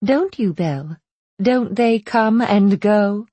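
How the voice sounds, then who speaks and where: A woman reading an audiobook voices a high-strung plantation mistress who talks quickly, high and insistently. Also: lively intonation, darkish tone, slightly rough, dry recording.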